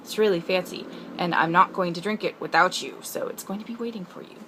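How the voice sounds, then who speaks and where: A young woman from the Pacific Northwest rambling in a casual video letter to her sister, chatty and self-deprecating with quick asides. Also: fairly low pitch, a bit bright, a little hiss or hum. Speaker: vlogger.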